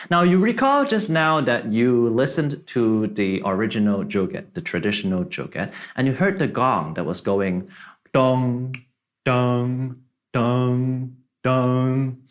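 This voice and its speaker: A man's voice: on the low side, fairly bright tone. A man from Malaysia teaching a drum tutorial, explaining step by step, counting beats aloud and checking in with "right?" and "okay?".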